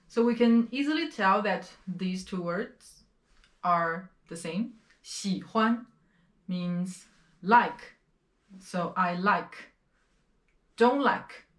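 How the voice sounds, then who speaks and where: Slow-speaking woman teaching Chinese. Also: mid-range voice, expressive, a bit bright, reverberant. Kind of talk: slow, clear language lesson with repeated pronunciation drills.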